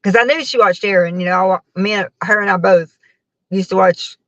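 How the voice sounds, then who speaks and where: A worn-out woman chats loosely with her live-stream viewers, laughing between rambling stories. Her voice has a plain middle pitch, recorded dull and dry through a phone mic. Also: brisk, fairly bright tone, no room sound. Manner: rambling, laughing often, talking to her chat. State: tired after a long work shift. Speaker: livestreamer chatting with viewers. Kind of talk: casual live-stream chat.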